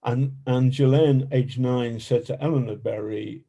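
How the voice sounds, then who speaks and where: Man, journalist guest, mellow dark voice, slow, halting, filler-heavy. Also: mid-range voice, steady tone, creaky. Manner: halting, many fillers and restarts. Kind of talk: podcast interview.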